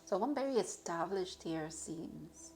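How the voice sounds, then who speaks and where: A young woman does a casual tarot reading for her viewers, chatting and rambling with lots of fillers, restarts and self-corrections. Her voice is on the low side and darkish, animated but a bit slow. Soft music plays in the background.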